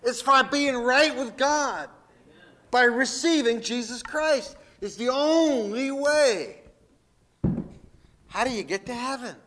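A man's voice: extremely high pitch, lively intonation, takes it slowly, long pauses, pushed and bright. A man, a pastor, preaching a sermon in a folksy, emphatic way with jokes.

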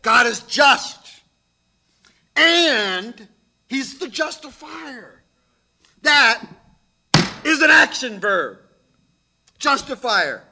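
A man's voice: extremely high pitch, big pitch swings, extremely slow, pauses often, sharp tone. A man preaching a sermon, emphatic, with dramatic drops to near whispers. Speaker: pastor.

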